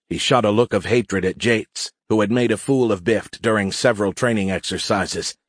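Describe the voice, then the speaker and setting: Low-voiced man narrating an audiobook. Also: normal speed, few pauses, dry recording, studio quality. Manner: steady, even storytelling. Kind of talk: scripted narration.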